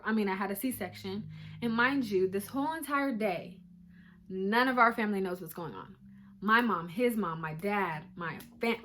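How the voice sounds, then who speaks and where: A woman's voice: medium pitch, a bit bright, a little hiss or hum. A young woman casually telling her birth story to viewers, chatty and emotional, recorded on a phone at home. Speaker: vlogger. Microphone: phone camera.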